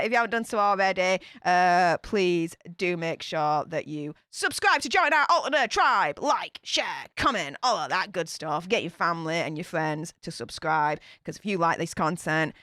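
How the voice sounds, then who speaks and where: A woman's voice: fairly high pitch, smooth, dry recording. Chatty Yorkshire woman on a livestream. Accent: Yorkshire English. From Yorkshire, England. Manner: chatty, animated, reads comments aloud. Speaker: YouTube channel host. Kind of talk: casual livestream chat reading comments.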